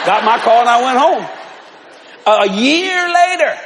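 An older man preaching a sermon to a congregation in folksy storytelling style, building up to shouts. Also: very high-pitched, animated, measured pace, pauses often, slight background noise. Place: large church hall with congregation. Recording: reverberant church hall with crowd.

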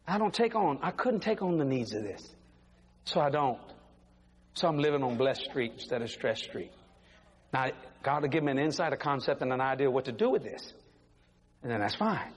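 An older man preaching a folksy, animated sermon to his church, full of acted-out quotes. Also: a little high, moderate pace, long pauses. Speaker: pastor. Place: church sanctuary. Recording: echoey hall, faint noise.

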